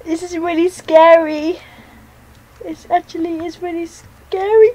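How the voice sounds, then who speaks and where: A high-pitched woman narrates her game as she plays, jumpy and thinking aloud. She talks slowly and mutters her next moves as they come to her. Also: fairly even intonation, a little mellow, rough recording. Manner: jittery, talks to herself while playing. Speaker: gaming channel host. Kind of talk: let's play commentary.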